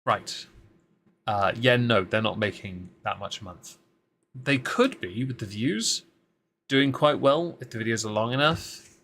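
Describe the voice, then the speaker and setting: A man's voice: medium pitch, a little slow, a bit bright, slight background noise. A man hosting a casual live-stream commentary, talking with dry, sarcastic asides and frequent ums as he greets chat and reads through posts.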